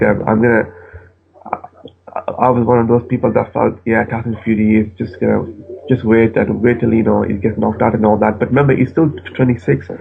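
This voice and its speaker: Gravelly man on a tinny phone line. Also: mid-range voice. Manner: halting, stammering restarts. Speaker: phone-in caller. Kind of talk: casual boxing chat. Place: at home with the television on.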